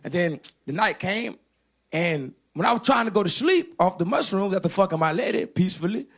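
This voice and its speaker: A man's voice: sits high, lively intonation, fairly quick. A young man doing a brash, swaggering stand-up set on a club stage. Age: young adult. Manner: brash, swaggering, loud bursts. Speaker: stand-up comedian.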